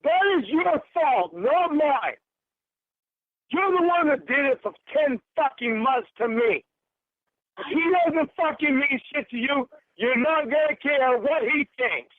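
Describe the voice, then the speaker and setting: A man's voice: very high-pitched, lively intonation, unhurried, dry recording. A man in a furious, swearing phone argument, hurling accusations. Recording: tinny phone line.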